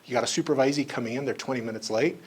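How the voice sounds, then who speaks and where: A man's voice: mid-range voice, racing, husky. A man giving a staff training on psychology, talking conversationally and acting out the people in his stories. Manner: conversational, acts out quoted voices in stories; frequent asides like "you know" and "right". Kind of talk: training lecture with anecdotes.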